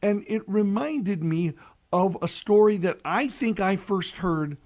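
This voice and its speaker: Earnest priest with a high voice. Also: male voice, lively intonation, takes it slowly, darkish tone. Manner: folksy, earnest, many "you know" asides. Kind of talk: radio reflection with storytelling.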